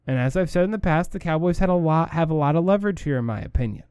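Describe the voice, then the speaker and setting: A man's voice: a little high, lively intonation, fast, a little mellow, clear, resonant tone, dry recording, studio quality. A man hosting a sports talk show, giving opinionated commentary and repeating his points for emphasis.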